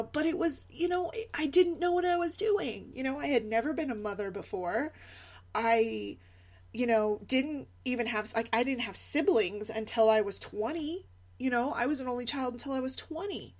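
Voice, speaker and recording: A young woman chatting casually in a vlog about parenting, animated and laughing often. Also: a little high, moderate pace. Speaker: mom blogger.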